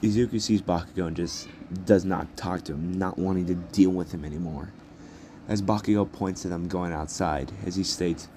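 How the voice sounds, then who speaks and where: A man's voice: sits low, fairly even intonation, moderate pace, dark tone, a little hiss or hum. A man narrating an improvised fan story in a rambling, repetitive way with many restarts.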